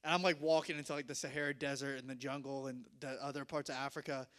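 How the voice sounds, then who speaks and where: A young man telling a self-mocking story to an audience, animated and laughing often. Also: medium pitch, fast.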